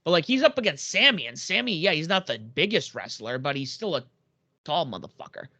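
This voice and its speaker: A man co-hosting a podcast, talking about wrestling in an excitable, rambling way. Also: fairly high pitch, brisk, no echo. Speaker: podcast co-host. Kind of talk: casual wrestling chat.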